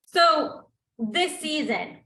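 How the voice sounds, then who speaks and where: A woman's voice: sits high, expressive, extremely slow, bright, forceful tone, roomy sound, slight background noise. A woman interviewing a guest, chatting casually with long, rambling questions.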